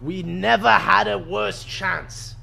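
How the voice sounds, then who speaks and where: A man doing a gruff, clipped Russian soldier. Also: high-pitched, steady tone, slow pace, pushed and bright, faint music behind, full character voice. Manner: broken, clipped speech.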